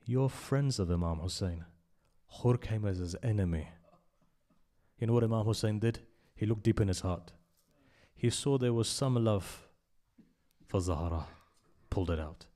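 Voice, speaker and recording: A low-pitched man delivering a sermon, his voice surging loud on key points and then falling to near-whispers. He tells a story in conversational English, full of emphatic repetition. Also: moderate pace. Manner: impassioned, rising to loud emphasis and dropping to hushed asides. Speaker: speaker at a memorial majlis.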